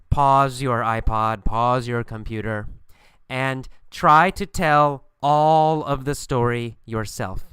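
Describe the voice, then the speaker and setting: A man teaching English in a recorded lesson, speaking slowly and patiently and rephrasing each point. His voice is bright and crisp, and the recording is dry and close with no room sound. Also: medium pitch, no room sound. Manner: slow, patient, repeats and rephrases for learners.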